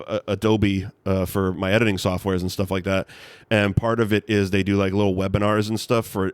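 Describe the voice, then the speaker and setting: Man telling stories as a podcast guest. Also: fairly low pitch. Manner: animated storyteller, acts out his own reactions. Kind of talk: casual chat.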